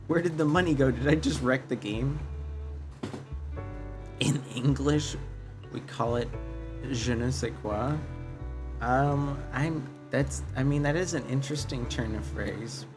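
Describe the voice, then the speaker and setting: A man casually streaming a game, thinking aloud and reading chat, often repeating himself. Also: medium pitch. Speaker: livestreamer. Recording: guitar music playing under voice.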